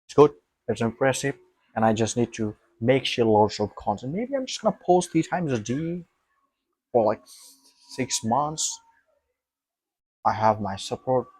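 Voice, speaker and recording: A man's voice: on the low side, breathy edge, no room sound. A young man vlogging to his camera, thinking aloud in an emphatic, rambling way, repeating himself and swearing.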